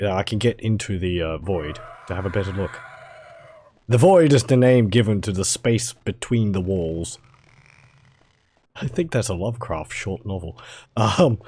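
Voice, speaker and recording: A man with a mild Australian accent and a hoarse, fading voice, chatting casually to viewers while streaming a video game. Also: lowish voice, mellow, no echo. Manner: chatty, rambling, talks to chat viewers.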